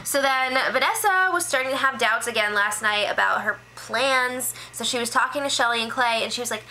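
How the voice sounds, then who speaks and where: Bright-voiced chatty woman recapping. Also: fairly high pitch, a little hiss or hum, poor audio. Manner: chatty, filler-heavy, quick impressions of people she quotes. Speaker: reality show recap host. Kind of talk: casual spoiler recap.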